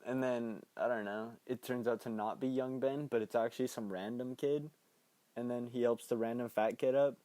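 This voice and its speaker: Guy rambling thru a movie recap on his podcast, mellow and dry, laughs a lot. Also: medium pitch, fairly even intonation, normal speed, dry recording. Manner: rambling, laughs often, swears, acts out quotes. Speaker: podcast host reviewing a film. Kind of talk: casual recap chat.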